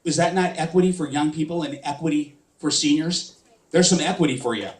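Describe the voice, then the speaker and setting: This campaign speech comes a little fast from a male candidate whose voice runs somewhat high. Addressing a live crowd, he sounds impassioned and insistent, firing one rhetorical question after another at his audience.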